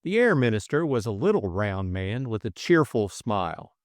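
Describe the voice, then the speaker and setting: A man reads a classic mystery audiobook as narrator, measured and expressive. His lowish voice moves a lot in pitch. The sound is close and dry. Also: dry recording.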